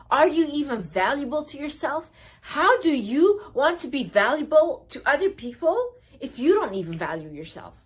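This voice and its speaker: A woman's voice: fairly high pitch, husky. A woman in her twenties giving casual motivational advice to camera, emphatic and sassy, repeating words for emphasis. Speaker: self-help vlogger.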